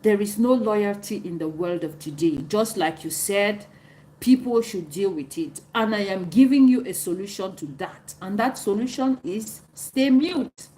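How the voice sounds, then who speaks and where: A woman's voice: mid-range voice, unhurried, mellow, poor audio. A woman hosting a livestream, giving earnest advice and answering viewers' comments by name. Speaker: livestream host.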